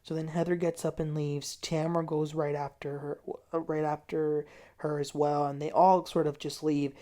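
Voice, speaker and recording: A woman hosting a casual TV recap, telling the story in an animated way. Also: sits low, normal speed. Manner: animated storytelling, quotes people in a raised voice. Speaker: TV recap host.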